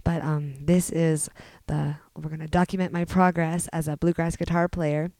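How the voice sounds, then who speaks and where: Podcast host, woman, hoarse with a cold, lowish mellow voice, chatty and rambling, dry close sound. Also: little pitch movement, no room sound. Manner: chatty and rambling, halting with fillers. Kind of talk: casual podcast chat.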